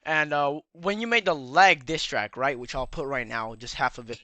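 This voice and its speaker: A man's voice: medium pitch, normal speed, a crowd in the background. A man giving rambling casual commentary in a lecturing tone, his slightly worn voice cracking now and then. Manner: rambling and lecturing, keeps tagging "all right?". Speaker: YouTube commentator.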